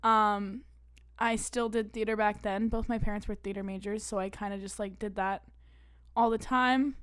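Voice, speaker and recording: A woman's voice: medium pitch, fairly even intonation, normal speed, fairly bright tone, smooth. A woman in her twenties from Pennsylvania, co-hosting a casual podcast with a joking, giggly manner and plenty of "like" and "um". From Pennsylvania, USA. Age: 20s. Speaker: podcast co-host. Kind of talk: casual chat.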